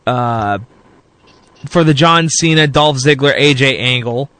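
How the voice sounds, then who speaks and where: A man's voice: medium pitch, unhurried, sharp tone, clear, resonant tone. An American man hosting a casual wrestling chat show, teasing his co-host and laughing a lot. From United States. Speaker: podcast host.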